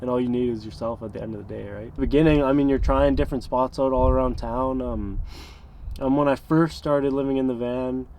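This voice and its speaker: A man's voice: medium pitch, steady tone, a little fast, a little mellow, a little hiss or hum. A man in his early twenties telling stories in a casual, rambling way, full of fillers and small chuckles. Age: 20s. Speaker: interviewee, van dweller. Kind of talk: casual storytelling.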